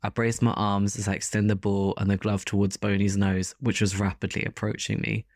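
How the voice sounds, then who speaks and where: A man narrating a first-person story as an audiobook in a steady, even delivery. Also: on the low side, brisk, gravelly, no room sound, studio quality.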